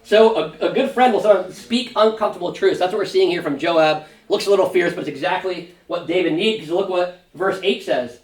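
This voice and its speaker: Lively male pastor in an echoey room. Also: sits high, brisk, few pauses. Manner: conversational, often tags with "right?"; acts out lively paraphrased quotes. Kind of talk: Bible study teaching. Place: church classroom. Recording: echoey room, mic at a distance.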